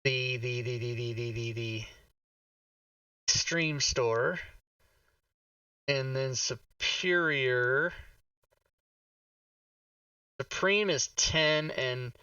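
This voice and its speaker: Hosting a live tabletop stream, a game master talks to himself and curses quietly while he sorts out his setup. His mid-range voice is bright, forceful, clear and resonant, with drawn-out words and frequent pauses, recorded dry from a distance on a dull lo-fi mic, slightly off-mic.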